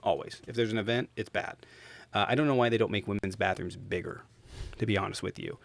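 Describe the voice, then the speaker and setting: A man's voice: lowish voice, fast talker. A man hosting his own livestream, ranting bluntly and swearing freely in casual talk. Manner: blunt, profane, heated. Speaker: streamer host.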